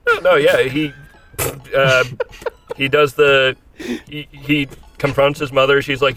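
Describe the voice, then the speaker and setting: A man's voice: medium pitch, fairly even intonation, a little slow, pauses often, a bit bright, far from the mic. A man co-hosting a podcast, loosely retelling a story and laughing often. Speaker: podcast co-host. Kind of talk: casual banter.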